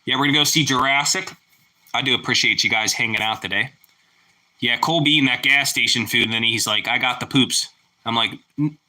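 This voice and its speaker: A young man talks casually to his livestream viewers in a relaxed, rambling way, now and then whooping with excitement. His voice is very bright and sharp, at an ordinary pitch. He is picked up by a plain streaming mic. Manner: relaxed, chatty, exclaims "woo" over food. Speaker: livestream host. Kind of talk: casual live chat with viewers.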